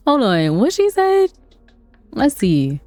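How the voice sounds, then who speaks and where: A woman's voice: fairly high pitch, huge pitch swings, extremely slow, dark tone, dry recording, soft background music. A woman hosting a life-sim let's play, chatting and laughing with her viewers as she plays. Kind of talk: casual gameplay commentary.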